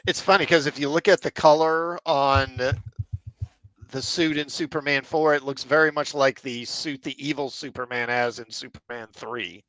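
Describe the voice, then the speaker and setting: A man's voice: medium pitch, steady tone, moderate pace, fairly bright tone, no room sound, rough recording. A man co-hosting, chiming in with casual, matter-of-fact remarks.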